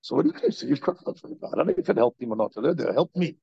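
A man's voice: fairly high pitch, wildly swooping pitch, racing, gravelly, mellow, husky, no echo, muffled recording. A man, a rabbi, giving a Torah lecture, telling stories with lots of repetition and rhetorical questions.

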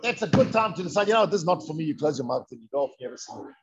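A man giving a lively Torah lecture, firing rhetorical questions and answering them himself. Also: a little high, rapid-fire. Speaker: Torah teacher. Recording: dull lo-fi recording.

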